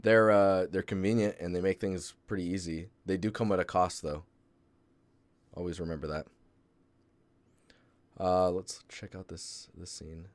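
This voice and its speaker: A man hosting a live stream, reviewing a 3D art portfolio in a relaxed, rambling way with lots of fillers and restarts. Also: deep voice, a little slow, long pauses, dry recording. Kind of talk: casual live-stream critique.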